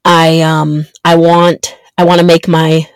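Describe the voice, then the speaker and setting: Slow, earnest woman podcaster in her thirties. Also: sits low, little pitch movement, clear, resonant tone, dry recording. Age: 30s. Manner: earnest, halting, many fillers and restarts. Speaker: podcast host. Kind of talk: reflective solo podcast monologue.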